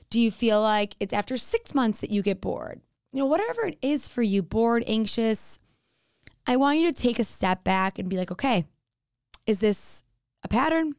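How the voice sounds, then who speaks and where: A woman's voice: a little high, creaky, a little mellow, clear, resonant tone, dry recording. A young adult woman hosting her own podcast, talking candidly and casually as she thinks aloud into a studio mic. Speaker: podcast host. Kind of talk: solo podcast monologue. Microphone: studio mic with headphones.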